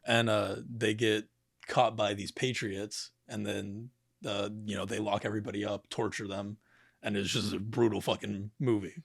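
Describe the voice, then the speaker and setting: A man's voice: fairly low pitch, flat delivery, moderate pace, creaky, slightly rough, dry recording, clean studio sound. A young man chatting casually on a podcast, rambling with lots of fillers and swearing. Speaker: podcast guest.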